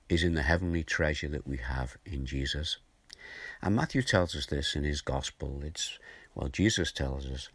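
An older male preacher with a very deep voice talks through a morning devotional in a gentle, conversational way. He explains scripture in plain terms. The sound is dry and close, with no room echo. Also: breathy edge. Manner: gentle, conversational, chuckles now and then.

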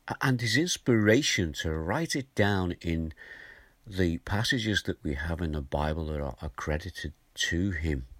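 An older male preacher with a very deep voice talks through a morning devotional in a gentle, conversational way. He explains scripture in plain terms. The sound is dry and close, with no room echo. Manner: gentle, conversational, chuckles now and then.

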